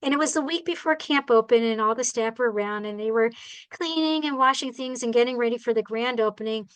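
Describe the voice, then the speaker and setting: Chatty female bird rehabilitator, high voice, animated storyteller who checks in with the room. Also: brisk, clean tone, poor audio. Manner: animated, acts out the people and birds in her stories; chatty, asks the audience "all right?". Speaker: bird rehabilitator giving a talk. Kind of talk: storytelling talk to a club.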